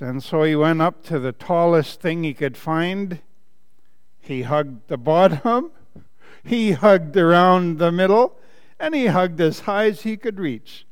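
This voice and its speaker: A pastor reading a children's picture book to his church, his voice high and lively with wide swings in pitch. He takes it slow and drawn out, and a long hall reverb hangs after his words. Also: clean tone. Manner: animated, playful read-aloud with asides and laughs. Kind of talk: reading a children's story in a sermon.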